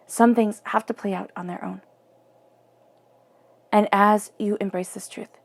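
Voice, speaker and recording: Gravelly-voiced woman giving an earnest tarot reading. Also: mid-range voice, steady tone, unhurried, long pauses. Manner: earnest and intimate, often dropping to a soft near-whisper. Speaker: tarot reader.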